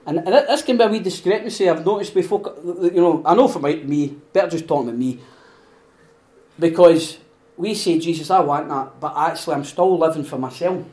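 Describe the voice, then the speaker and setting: A Scottish man hosting a podcast and preaching in a conversational way, animated, laughing often and acting out voices. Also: fairly high pitch, a little fast. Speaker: podcast host.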